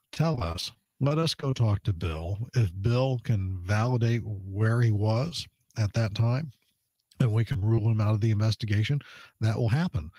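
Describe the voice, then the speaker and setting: A man's voice: fairly low pitch, mellow, husky, no room sound. A middle-aged man, a police public information officer, explaining a case earnestly as a radio interview guest, with many "uh" fillers.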